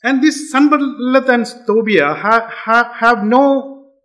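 A man preaching a sermon in a church, halting with frequent fillers and restarts. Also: very high-pitched, a bit bright. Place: church hall.

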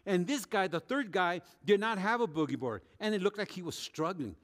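A man with a notably high voice preaching a sermon, telling the story vividly and acting out the quoted speech of the people in it. His voice rings with a long hall reverb, as if in a church sanctuary. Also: lively intonation, a little fast, fairly bright tone. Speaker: pastor.

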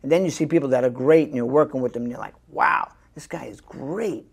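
An older man, an actor, chatting as an interview guest and telling lively stories. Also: medium pitch, a little fast, creaky, husky. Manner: animated storyteller who acts out quoted voices. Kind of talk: casual interview chat.

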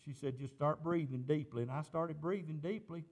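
A high-pitched male pastor preaching a sermon. He tells a personal story in a conversational way, then lifts into impassioned preaching. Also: moderate pace, darkish tone.

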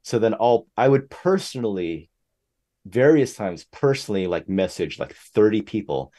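A young man talking as a podcast guest in a casual, animated way. He jumps up in pitch whenever he quotes other people. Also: normal speed. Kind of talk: casual interview chat.

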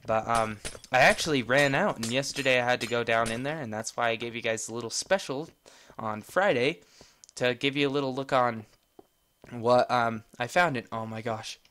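A man giving casual, jokey commentary over his own gameplay video, talking in excitable bursts. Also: medium pitch, normal speed. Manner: excitable, jokey, rambling exclamations. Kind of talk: casual let's-play commentary.

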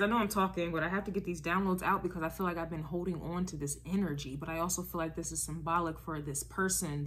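Woman tarot reader, casual and emphatic, a bright, punchy voice that sits a little low, slight background hiss. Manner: emphatic, repeats herself, checks in with "all right?" and "okay?". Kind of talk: casual tarot reading to camera.

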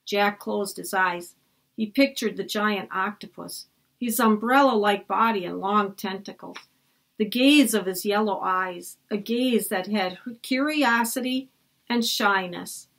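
A woman's voice: a little slow, creaky, fairly bright tone. A woman reading a children's chapter book aloud, lifting her voice for the children's lines and dropping it for the narration. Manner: lifts her pitch for the children's lines and drops low for the narration. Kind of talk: read-aloud storytelling.

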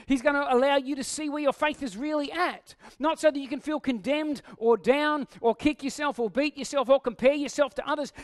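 A man preaching a sermon in a conversational way, asking the listeners questions and acting out quoted lines. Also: very high-pitched. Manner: acts out quoted lines in a raised voice. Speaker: pastor.

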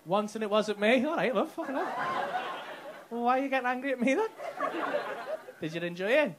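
This stand-up comedian has a very high voice, brisk delivery and lively intonation as he banters crudely and cheekily with the crowd. Recorded live in a club, it carries loud crowd noise and laughter.

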